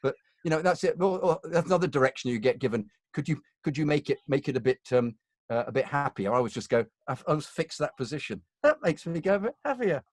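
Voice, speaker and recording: A man's voice: on the high side, very animated, fast talker, no echo. Chatty British voiceover man, dry sound. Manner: chatty, self-mocking, acts out quotes. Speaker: voiceover artist. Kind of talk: conversational anecdotes.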